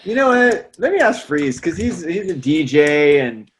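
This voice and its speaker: A man with a fairly high speaking voice tells stories in an easygoing chat. He is lively and slangy and keeps dropping "man" into his sentences, in the relaxed manner of a music teacher talking with a friend. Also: unhurried, a crowd in the background. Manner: animated, slangy, peppers lines with "man". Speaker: music teacher and salsa trumpet player. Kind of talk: casual storytelling chat.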